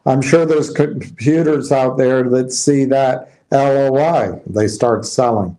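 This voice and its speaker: Male commentator, slow and laid-back, reads headlines and riffs on them, restarts sentences freely. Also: mid-range voice, warm tone, rough recording. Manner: musing, reads headlines aloud and explains them; loose, restarting sentences, tired and yawning. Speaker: stock commentator. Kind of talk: casual market commentary.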